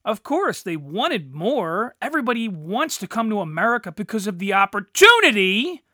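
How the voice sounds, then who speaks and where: Foul-mouthed ranting man, high and animated. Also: normal speed, no room sound, clean studio sound. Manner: crude, sarcastic, swearing freely. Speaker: podcast host. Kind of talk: profane solo rant.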